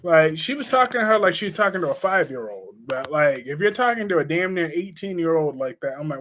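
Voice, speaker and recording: A man's voice: fairly high pitch, sing-song, fairly quick, hardly any pauses, fairly bright tone. A man hosting a casual live stream about soap operas. He talks bluntly and chattily and reads out viewer comments as he goes.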